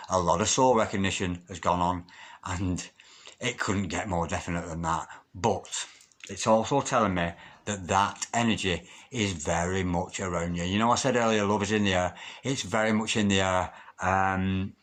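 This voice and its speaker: A man giving a solo tarot reading, effusive and excitable, who chants the same invocations over and over. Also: low voice. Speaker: tarot reader.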